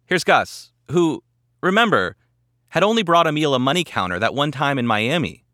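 A man narrating a documentary podcast in a measured, dramatic scripted style. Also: fairly high pitch, very animated, pushed and bright, dry recording, clean studio sound. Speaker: podcast host.

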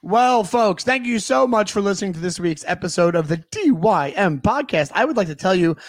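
A man's voice: high-pitched, animated, brisk, no echo, clean studio sound. A man co-hosting a podcast in casual, jokey chat. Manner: jokey, laughs often. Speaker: podcast co-host.

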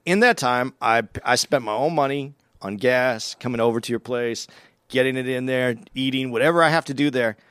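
A man's voice: mid-range voice, moderate pace, a bit bright, clear, resonant tone, dry recording. A man, a comedian who works as an opening act, confronting his podcast partner in a heated conversation and often stammering and restarting his sentences.

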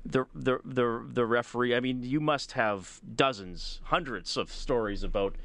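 A man's voice: mid-range voice, unhurried, a bit bright, no echo. A man interviewing a referee, asking long, rambling questions with restarts.

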